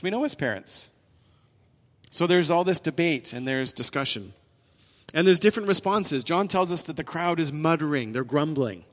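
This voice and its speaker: A man preaching in a church, his voice sitting a little high for a man and trailing into a long hall reverb. He talks earnestly and repeats himself, often restarting his phrases as he builds his points. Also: a bit bright. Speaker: pastor. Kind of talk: sermon.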